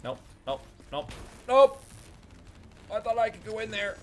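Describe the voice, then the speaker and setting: A man's voice: high-pitched, sing-song, measured pace, a little hiss or hum. A man doing let's play commentary, swearing and complaining at the game as he plays. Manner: profane, exasperated, yelling at the game. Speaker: gaming YouTuber.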